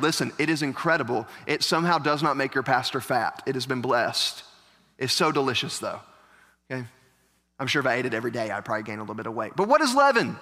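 A man pastor preaching a sermon in a church, animated, with joking asides to the congregation. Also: mid-range voice. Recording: echoey church hall.

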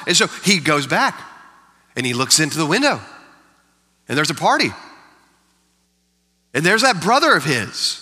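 A man's voice: a little high, big pitch swings, normal speed, long pauses, bright, forceful tone. A man preaching a sermon as pastor, emphatic, repeating key lines for effect. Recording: long hall reverb.

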